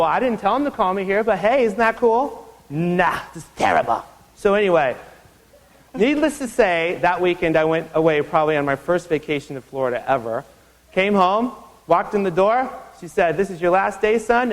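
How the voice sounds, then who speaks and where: A man's voice: big-room sound, rough recording. A man in his thirties from Iowa giving a university lecture, telling stories and acting out the people in them with big jumps in his voice. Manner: animated, acts out quoted voices with big pitch jumps. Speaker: guest lecturer. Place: lecture hall.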